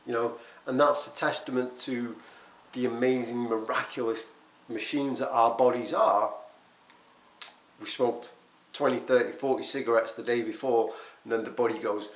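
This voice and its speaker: A man speaks straight to the camera, animated and emphatic, poking fun at his old habits. His voice sits at an ordinary middle pitch. The room gives it a noticeable echo. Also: normal speed. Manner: animated, emphatic, self-deprecating. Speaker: quit-smoking coach and vlogger. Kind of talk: unscripted talk to camera. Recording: echoey room.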